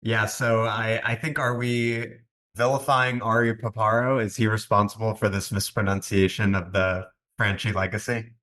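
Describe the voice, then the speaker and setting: A man's voice: on the low side, level tone, moderate pace, a bit bright. A man from Long Island co-hosting a business podcast, chatting casually and thinking aloud with lots of asides. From Long Island, New York. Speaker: podcast co-host. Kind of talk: casual conversational podcast chat.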